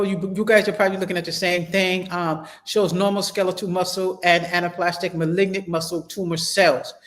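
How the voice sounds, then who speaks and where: A man's voice: sits high, a bit bright. A man teaching a medical terminology class, reading from the textbook, then stopping to repeat and spell out key terms for his students in a chatty way. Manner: chatty, addresses students directly with "y'all". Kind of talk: casual online class lecture.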